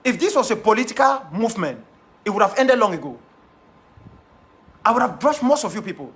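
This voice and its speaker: Cameroonian-accented man, defiant monologue, very high pitch, emphatic repetition. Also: sing-song, fairly quick, a bit bright. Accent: Cameroonian English. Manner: defiant, emphatic, repeats key phrases. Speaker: activist leader addressing followers. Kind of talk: impassioned monologue.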